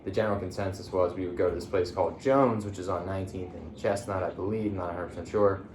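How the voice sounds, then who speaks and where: A young man from the Philadelphia area hosts a casual chat, telling his story in a laid-back way full of fillers and restarts. His voice sits a little low. The room is echoey, with a faint hum behind him. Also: fairly even intonation, fast talker, a little mellow. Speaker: podcast host.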